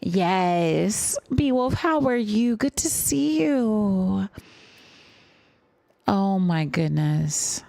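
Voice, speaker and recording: A young woman streaming a live music reaction, gushing and excitable, at times dropping into awed whispers. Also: mid-range voice, drawn-out words, creaky, dry recording.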